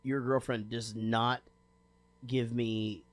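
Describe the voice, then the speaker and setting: A man's voice: medium pitch, little pitch movement, slow pace, no echo. A man co-hosting a podcast, chatting in a laid-back, joking way. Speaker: podcast co-host. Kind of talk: casual chat.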